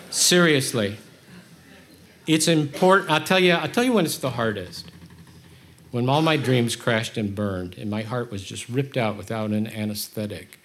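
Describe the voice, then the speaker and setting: Candid, animated male preacher. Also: medium pitch. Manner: candid and self-deprecating, with animated emotional swings. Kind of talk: conversational sermon.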